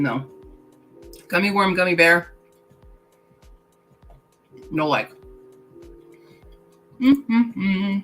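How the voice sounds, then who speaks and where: A woman with a lowish, slightly bright voice hosts a casual writing-sprint livestream, heard through a rough recording. She reads chat comments aloud, laughs often, and talks while chewing candy.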